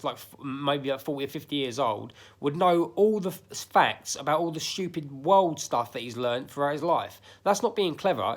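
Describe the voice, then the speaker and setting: A man giving blunt, emphatic life advice straight to his viewers, swearing freely and repeating himself. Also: fairly high pitch. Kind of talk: casual direct-to-camera monologue.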